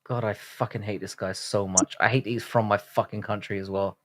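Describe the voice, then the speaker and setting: A man's voice: on the low side, steady tone, a little fast, a bit bright, no echo. A man, born in Ireland, talking bluntly and swearing in casual chat. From born in Ireland, raised in England.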